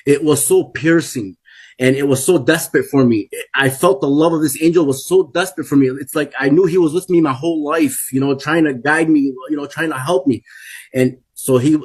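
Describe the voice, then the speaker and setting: Husky man in his forties, earnest. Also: on the high side, a little fast, a little mellow. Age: 40s. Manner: earnest and emphatic, repeating phrases for weight. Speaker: guest telling a personal testimony. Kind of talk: first-person testimony.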